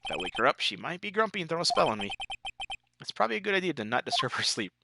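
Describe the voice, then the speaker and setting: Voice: mid-range voice, sing-song, very fast, creaky, background noise. A let's player casually reading the game's text aloud, with joking asides. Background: game music.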